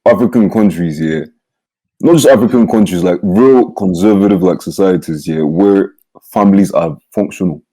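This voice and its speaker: A young man hosts in a very dark, mellow, low voice. He speaks earnestly and tags many sentences with "yeah.". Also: normal speed, rough recording. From Nigeria. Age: young adult. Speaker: podcast host. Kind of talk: casual chat.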